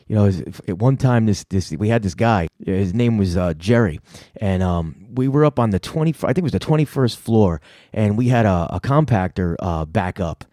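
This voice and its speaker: A man's voice: on the low side, warm tone, no echo, studio quality. A middle-aged man, hosting a comedy show and telling a rambling, profane story full of fillers. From New York City. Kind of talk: casual storytelling.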